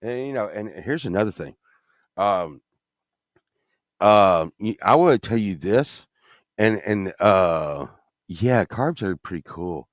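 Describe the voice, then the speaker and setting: A man's voice: fairly low pitch, animated, slow, long pauses, dry recording. A man in his fifties telling a story in a casual, profane, rambling way, swinging from mumbling asides to indignant rants. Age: 50s.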